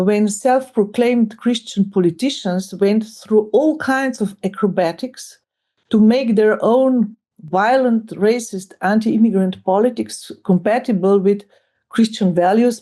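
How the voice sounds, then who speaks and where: A middle-aged woman with a Slovenian accent gives an academic lecture, speaking in a measured way with frequent fillers and restarts. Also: mid-range voice, dark tone.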